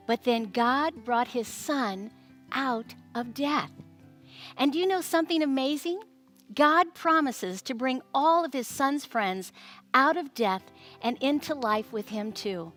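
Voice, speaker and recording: A woman with a high, bright-sounding voice hosts a Bible story time for young children. She talks in an animated, sing-song way, asking the kids questions as she goes. Soft music plays faintly behind her. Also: unhurried.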